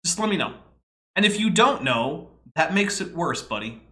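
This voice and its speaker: A male podcast host giving casual commentary in an exasperated, nitpicking way, lecturing as he goes. His voice is bright and sits a little high, and his pitch swings widely. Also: very animated, moderate pace.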